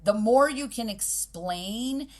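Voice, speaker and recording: A woman's voice: a little high, slow pace. A middle-aged woman, a boxing coach, talking casually on a podcast and acting out what kids and parents say. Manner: animated, acts out kids' and parents' voices.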